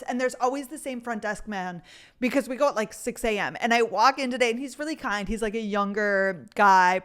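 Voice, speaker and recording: A woman in her twenties hosting a podcast, chatting through rambling stories and saying "like" constantly. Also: mid-range voice. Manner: chatty storytelling, heavy use of "like". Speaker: podcast host. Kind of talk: casual chat.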